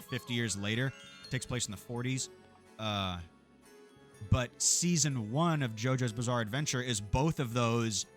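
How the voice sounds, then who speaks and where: A man with a mid-range, fairly bright voice streams a game. His chat is casual, rambling and profane, and he laughs often.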